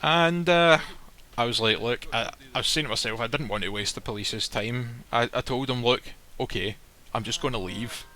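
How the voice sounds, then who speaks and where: Storytelling man, bright forceful tone, blunt and profane. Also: medium pitch, moderate pace, hardly any pauses. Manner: blunt, swears freely, acts out quoted lines. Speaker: guest telling a personal story. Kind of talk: casual storytelling. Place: live stream recording.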